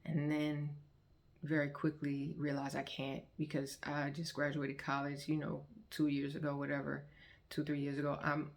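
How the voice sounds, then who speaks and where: A woman's voice: low-pitched, completely flat delivery, normal speed, creaky. A woman vlogger sharing her personal testimony in a conversational, earnest storytelling manner, acting out what other people said. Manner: earnest, heartfelt, acts out quoted people.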